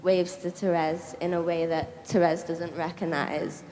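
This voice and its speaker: A woman's voice: fairly low pitch, a little slow. Teary, giggly woman fan asking a question. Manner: excited, giggly, says "like" a lot. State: teary with happiness. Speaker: audience member asking a question. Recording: reverberant festival tent, faint noise.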